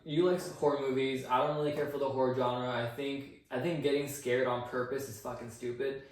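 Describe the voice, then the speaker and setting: A man's voice: medium pitch, flat delivery, fairly quick. A man co-hosting a casual podcast chat, ranting with constant swearing. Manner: profane, ranting, heavy swearing. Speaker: podcast co-host. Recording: echoey room, distant mic, faint noise.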